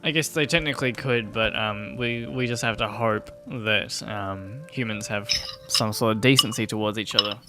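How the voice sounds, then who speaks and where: A young man co-hosting a podcast, chatting in an animated way, swearing for emphasis and laughing easily. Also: on the low side, normal speed, music in the background. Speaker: podcast co-host. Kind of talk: casual chat.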